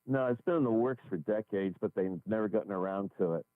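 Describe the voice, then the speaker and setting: An older retired man calls in to a radio show. His voice sits a bit low, and he speaks in a plain, matter-of-fact way. He comes through a tinny phone line. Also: fast, a crowd in the background. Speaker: caller. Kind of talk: call-in radio chat.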